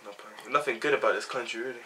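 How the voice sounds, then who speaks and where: A man's voice: medium pitch, fast talker, recorded from a distance, noisy background. A young man, chatting bluntly and offhandedly on a vlog. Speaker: vlogger. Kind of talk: casual chat.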